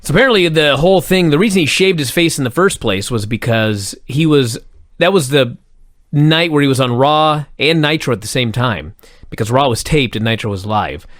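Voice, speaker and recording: Hyped-up podcast guy, cusses a lot, lively pitch, dry close mic. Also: moderate pace, no room sound. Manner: excitable, swears freely, enthusiastic. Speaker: podcast co-host. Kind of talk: casual podcast chat.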